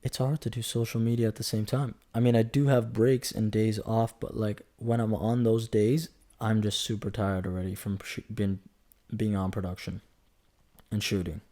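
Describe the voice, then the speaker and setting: A man's voice: lowish voice, flat delivery, normal speed, mellow. A man in his twenties talking through a casual solo podcast, rambling and chatty, joking as he goes and correcting himself. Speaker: podcast host.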